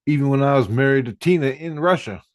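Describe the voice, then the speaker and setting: A man's voice: mid-range voice, fast, dry recording. A man telling a spiritual experience in a casual monologue, in an agitated and profane way. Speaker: vlogger.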